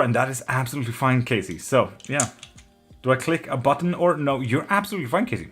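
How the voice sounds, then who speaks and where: A man's voice: mid-range voice, quick pace, a bit bright, slightly rough, soft background music. A man hosting a live tarot stream, chatting loosely with viewers, swearing freely and getting openly emotional and affectionate. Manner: loose and profane, swears freely, laughs often. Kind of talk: casual live-stream chat, reading out viewer comments.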